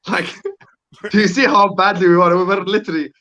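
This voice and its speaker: A man on a football fan panel, speaking in a wry, deadpan way. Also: high-pitched, fairly quick. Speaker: panel guest. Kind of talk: casual chat.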